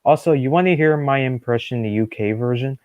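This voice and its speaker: A man's voice: mid-range voice, a little mellow, no room sound. A young man in casual chat as a stream guest, chatty and opinionated. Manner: chatty, opinionated, quick agreeing. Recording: dull, dry lo-fi stream audio.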